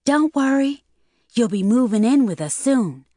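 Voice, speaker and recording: A woman voicing a sly, sweet-talking young daughter in an audiobook, pitched high and eager. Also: expressive, measured pace, no echo, studio quality. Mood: reassuring. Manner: raised high and bright, eager.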